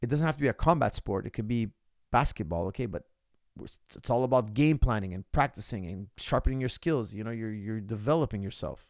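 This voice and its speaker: A man's voice: lowish voice, animated, a little fast, no echo, clean studio sound. A martial arts coach holding forth in a casual Q&A, emphatic and lecturing, mimicking critics' questions to make his point. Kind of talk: casual Q&A monologue. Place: lives in Canada.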